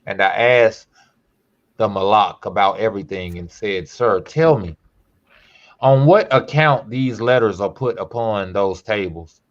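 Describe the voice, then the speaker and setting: Male podcast host, lowish voice, slow emphatic scripture reading with casual asides; dull lo-fi recording.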